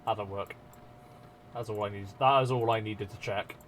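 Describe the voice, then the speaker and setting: A man's voice: fairly low pitch, steady tone, moderate pace, a little hiss or hum. A man streaming live, chatting casually and self-mockingly with his viewers and swearing freely as he works.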